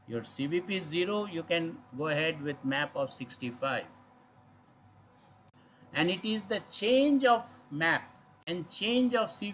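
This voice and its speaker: Male doctor lecturing, a little high-pitched, faint room hum behind; explanatory, asks the audience questions. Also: fairly bright tone, low-quality recording. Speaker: physician lecturer. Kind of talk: medical lecture. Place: hospital lecture livestream.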